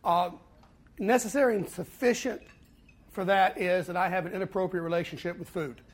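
A man giving a personal recovery talk to a fellowship meeting, telling his story earnestly with pauses and repeated words. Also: high-pitched, fairly even intonation. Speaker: speaker at a twelve-step fellowship meeting.

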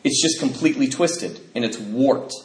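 A man's voice: medium pitch, moderate pace, roomy sound, low-quality recording. A man sharing a personal testimony, telling the story of his life candidly, with fillers and nervous laughs.

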